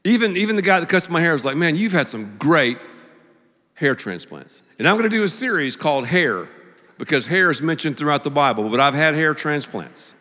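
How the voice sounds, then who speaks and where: A male pastor preaches in a joking, animated way, tossing in quick asides. His voice is high and bright with lively swings in pitch. A long reverb fills the large auditorium behind him. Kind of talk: sermon.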